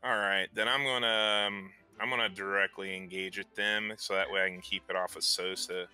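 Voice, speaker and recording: A man's voice: deep voice, level tone, normal speed, sharp tone, clear, resonant tone, soft background music. A man playing in a tabletop game, chatting playfully and often restarting his sentences. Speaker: player. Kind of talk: casual tabletop game chat.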